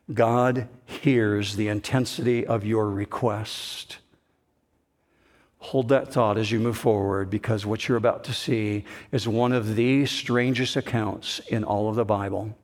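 A man preaching a sermon to his congregation, slow and emphatic, with rising bursts of intensity. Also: mid-range voice. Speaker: pastor.

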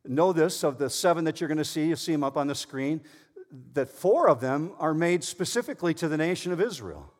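A man's voice: fairly high pitch, expressive, fairly quick. Dynamic male preacher in a reverberant hall. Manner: dynamic preaching, swings from loud emphasis to hushed near-whispers. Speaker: pastor. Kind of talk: sermon. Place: church sanctuary. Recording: long reverb in a large hall.

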